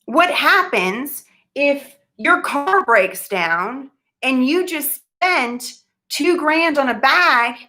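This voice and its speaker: A woman's voice: sits high, lively intonation, drawn-out words. A young woman talking to camera, earnest and emphatic, sometimes losing her train of thought. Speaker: vlogger giving money advice. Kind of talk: casual talk to camera.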